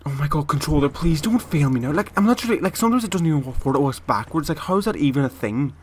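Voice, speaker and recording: Excitable gamer man. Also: a little high, very fast, husky. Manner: excitable, shouts and complains at his controller. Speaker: gamer commentating his own match. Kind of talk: gameplay commentary. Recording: noisy with game gunfire behind.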